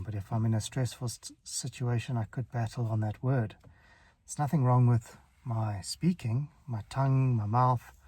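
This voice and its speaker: A man giving casual, relaxed advice about stuttering, chuckling often and stuttering on some words. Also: medium pitch, breathy edge, no echo. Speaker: stuttering coach. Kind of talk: casual advice talk to camera.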